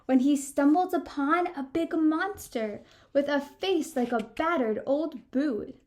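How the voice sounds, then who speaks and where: A woman's voice: high voice, takes it slowly. A woman librarian reading a storybook aloud to children and talking to them directly. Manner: animated, addressing kids directly.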